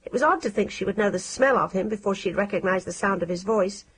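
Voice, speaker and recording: A woman narrating an audiobook in a measured, expressive reading style. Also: mid-range voice, slight background noise.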